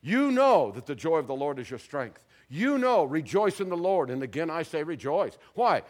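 A male pastor preaching a sermon, telling stories animatedly and dropping very soft at dramatic moments. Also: fairly high pitch, moderate pace. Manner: animated storyteller, acts out voices, drops very soft for dramatic moments. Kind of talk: sermon with storytelling.

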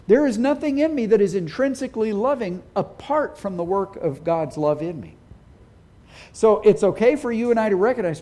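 High-voiced earnest male pastor preaching. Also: animated, dark tone. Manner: earnest, emphatic preaching with pauses. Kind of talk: sermon.

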